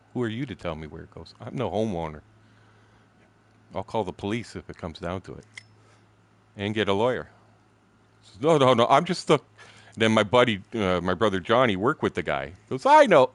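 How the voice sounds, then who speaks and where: A man in his sixties tells a story casually while he streams a game, blunt and full of swearing. His voice sits a little low, but it leaps up high and drops back down as he gets worked up. He talks in a rough, colloquial way. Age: 60s. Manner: profane, blunt, animated storytelling with laughs. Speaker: gaming streamer.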